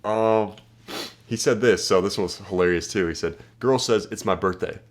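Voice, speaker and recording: Casting: young male dating coach, lower voice, brash and profane, acts out lines. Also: normal speed. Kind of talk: casual advice monologue.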